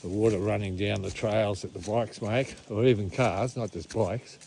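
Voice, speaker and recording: An older Australian-accented man, a vlogger, chats casually while walking outdoors in the bush, a bit out of breath after a steep climb. He's chatty and laid-back, going hushed near wildlife, and his lowish voice stays steady at normal speed. The rough recording carries a little hiss or hum.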